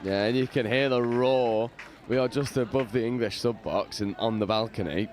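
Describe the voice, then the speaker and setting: A man giving lively play-by-play commentary from a balcony at an outdoor sports ground, with casual slang. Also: medium pitch, normal speed. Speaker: match commentator.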